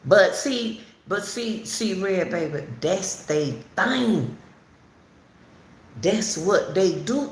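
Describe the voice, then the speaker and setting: Slow, gravelly-voiced woman commentator. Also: mid-range voice, lively intonation. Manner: repetitive, emphatic, talks straight to viewers. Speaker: commentary channel host. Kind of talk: casual spoken commentary on a case. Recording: roomy echo, faint background noise.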